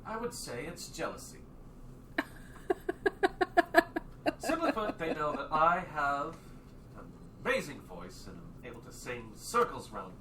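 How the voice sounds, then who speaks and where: A man's voice: lowish voice, sharp tone. A man voicing a smug, vain doppelganger who brags about his singing, with an airy, pompous manner. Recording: roomy, distant mic with noise.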